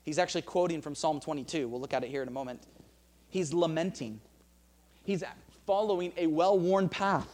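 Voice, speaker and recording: High-voiced earnest man preaching. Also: brisk, darkish tone. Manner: earnest, with frequent restarts and quoted scripture. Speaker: pastor. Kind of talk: sermon.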